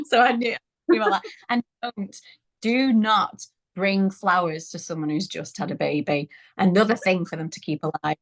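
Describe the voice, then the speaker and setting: A woman in her thirties, a guest on a parenting interview, shares her birth story in casual conversation, laughing often. Her voice is medium-pitched at a normal speed.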